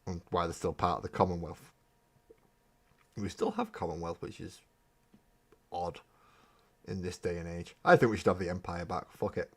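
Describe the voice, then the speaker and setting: A man's voice: low-pitched, steady tone, moderate pace, long pauses, husky. A man hosting a casual live stream while painting miniatures, rambling and joking, with casual swearing. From Britain. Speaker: streaming hobby host.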